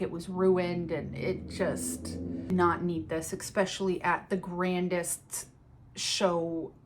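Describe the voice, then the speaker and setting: A woman's voice: medium pitch, fairly bright tone. Chatty woman fan reviewing wrestling. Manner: chatty, enthusiastic, swears casually. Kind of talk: casual vlog review.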